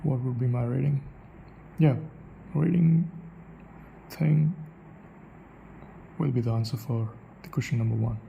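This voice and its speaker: A man summing up his thoughts in a casual spoken way, musing aloud with halting pauses and questions to himself. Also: mid-range voice, fairly even intonation, gravelly, warm tone, lo-fi sound, a little hiss or hum. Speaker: channel host.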